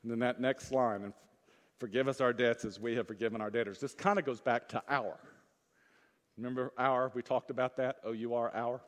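A man preaching a sermon as pastor, moving between loud urgent peaks and soft, low asides, and asking the congregation questions. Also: fairly even intonation, brisk. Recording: long reverb of a church hall.

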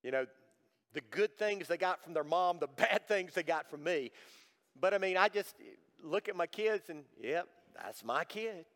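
A middle-aged man preaching a sermon to his congregation, swinging from loud emphatic lines to hushed, almost whispered ones. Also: high-pitched, animated, moderate pace, in a large hall. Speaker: pastor. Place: church service.

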